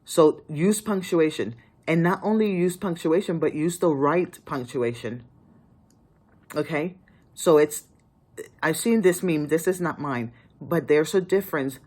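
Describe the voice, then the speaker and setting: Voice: mid-range voice, measured pace, darkish tone. An author giving casual writing advice to the camera, emphatic and pleading, often restarting sentences.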